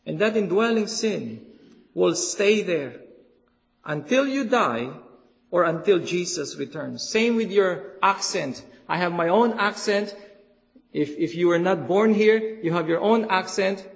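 A man preaching a sermon in an earnest, halting way, often repeating words for emphasis, in a church hall. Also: sits high, lively intonation, creaky. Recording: long hall reverb.

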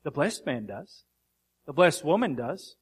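Male pastor, slightly higher voice, slow deliberate scripture reading in a sermon. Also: big pitch swings, slightly rough. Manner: earnest preaching, reads scripture aloud with slow emphasis.

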